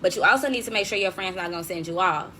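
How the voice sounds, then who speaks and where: A woman's voice: fairly low pitch, very fast, slight background noise. A young woman hosting a casual livestream, talking slangy and upbeat to viewers and reading their comments. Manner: lively, slangy, laughs often, addresses viewers directly. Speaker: host. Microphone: desk mic.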